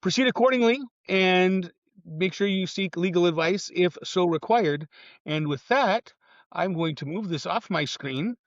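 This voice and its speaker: A man's voice: high voice, expressive, measured pace, no room sound, dull audio. A man co-hosting a real estate podcast, easygoing and jokey as he reads a disclaimer and banters. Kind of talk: casual podcast chat.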